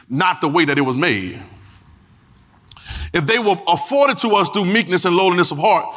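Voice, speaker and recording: A man's voice: high voice, fairly bright tone, in a large hall. A man preaching a sermon in an emphatic, repetitive way, calling out to the congregation.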